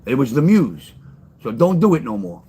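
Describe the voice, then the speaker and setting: A man's voice: medium pitch, big pitch swings, normal speed, mellow, husky. An older man, chatting loosely with his livestream viewers and telling stories in a blunt, rambling way that repeats itself. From New York. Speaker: livestream host and storyteller. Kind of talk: casual livestream chat with chat readers.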